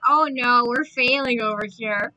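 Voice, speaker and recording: Excitable high-voiced streamer woman. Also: unhurried, rough recording. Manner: excitable, repeats exclamations. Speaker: live streamer. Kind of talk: excited gameplay commentary.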